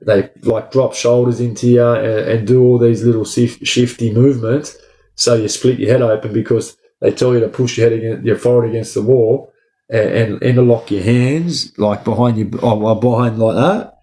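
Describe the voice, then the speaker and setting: A man's voice: medium pitch, mellow. A young Australian man casually telling a story from his past, swearing often and rambling with plenty of "like" and "bro". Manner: profane, rambling, says "like" and "bro" a lot. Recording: echoey room.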